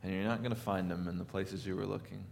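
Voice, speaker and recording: Man playing a wise stable donkey, low, quiet, gentle storybook voice. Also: fairly even intonation, fast talker, vocal fry, big-room sound, a little hiss or hum. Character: calm, knowing stable donkey.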